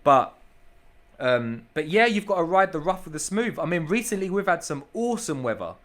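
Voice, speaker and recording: A man appears as a guest on a casual podcast, talking about his business with eager, emphatic enthusiasm. His voice sits a little high, and he repeats his points and calls the host bro. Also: very animated, normal speed, fairly bright tone. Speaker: podcast guest, tree surgery business owner.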